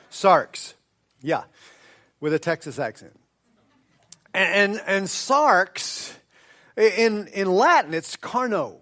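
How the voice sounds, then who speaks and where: A man's voice: on the high side, a bit bright. A man pastor preaching a sermon in a church, conversational, stretching out key words and restarting sentences. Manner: conversational, drawn-out emphatic words, frequent restarts. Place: church sanctuary.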